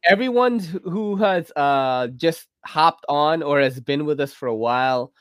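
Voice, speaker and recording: A drunk man hosts a loose podcast chat, rambling and cursing as he talks to his listeners. His voice sits a bit high, and the sound is close and dry. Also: lively intonation, unhurried, a bit bright, smooth, no room sound. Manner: rambling, laughing, swearing. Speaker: podcast host.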